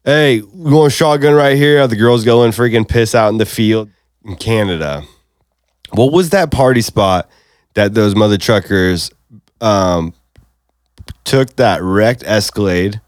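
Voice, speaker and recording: Joking, profane man with a low voice. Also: measured pace, pauses often, dry recording, clean studio sound. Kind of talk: casual podcast chat.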